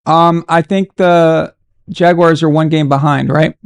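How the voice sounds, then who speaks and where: Man, sports stream host, gravelly voice, dry close sound, animated, exasperated. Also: fairly high pitch, measured pace, no room sound. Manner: animated, exasperated, chatty with viewers. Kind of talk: casual live-stream commentary.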